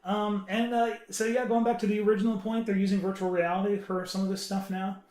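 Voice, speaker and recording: High-voiced man explaining, roomy echo. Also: little pitch movement, darkish tone. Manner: earnest, explanatory, halting. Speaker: podcast panelist. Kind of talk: casual podcast chat.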